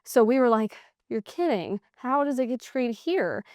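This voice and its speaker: A young woman with a smooth, clear, fairly high voice tells stories in a relaxed interview. She acts out the people she quotes and laughs easily. The recording is dry and close. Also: moderate pace, no room sound. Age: young adult. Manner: animated storytelling, acts out quoted exchanges, laughs often. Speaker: guest, hunter. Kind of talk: casual interview chat.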